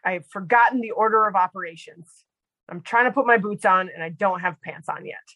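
A woman's voice: medium pitch, a little fast, pushed and bright, no room sound, rough recording. Chatty woman telling a story. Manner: chatty, heavy use of "like" and fillers. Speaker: podcast guest; medical provider. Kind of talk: casual storytelling.

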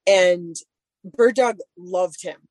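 A woman's voice: lowish voice, drawn-out words, a little mellow, no echo. A woman chatting casually and telling a long story about her dogs, full of "like" fillers. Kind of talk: casual chat.

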